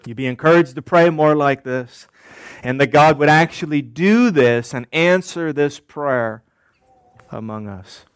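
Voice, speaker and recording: Man, pastor preaching, slow deliberate delivery, fairly high voice, repeats phrases, dry sound. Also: smooth, no echo. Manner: deliberate, repeats key phrases, asks rhetorical questions. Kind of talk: sermon.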